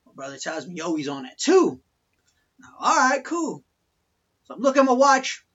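A man's voice: high voice, very animated, moderate pace, a bit bright. A young man from Colorado telling profane, laugh-filled stories in casual podcast chat. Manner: profane, laughing through anecdotes. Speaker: podcast guest storyteller. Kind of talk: casual storytelling. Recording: dull lo-fi podcast audio.

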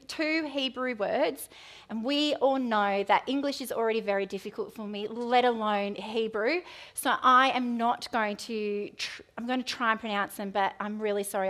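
A woman's voice: fairly high pitch, a bit bright. A woman in her thirties preaching a sermon in a conversational, self-deprecating way, with chatty asides to the congregation.

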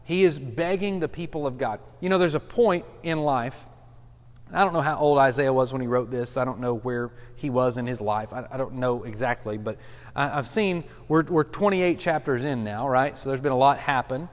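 A man's voice: medium pitch, moderate pace. A man in his forties, a pastor, teaching a Bible study in a casual, earnest way with frequent restarts and fillers. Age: 40s. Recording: long hall reverb.

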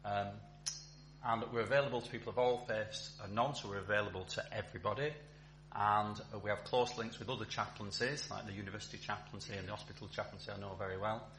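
A man's voice: on the low side, steady tone, fast, fairly bright tone. A man giving a chatty church talk as a town centre chaplain, with many ums and restarts. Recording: echoey hall with faint hum.

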